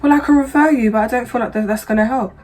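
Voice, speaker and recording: A woman's voice: fairly high pitch, fast, a little mellow, soft background music, pitched above the performer's own voice, close to an everyday voice. A woman mimicking a dismissive, impatient woman doctor in a curt, condescending tone.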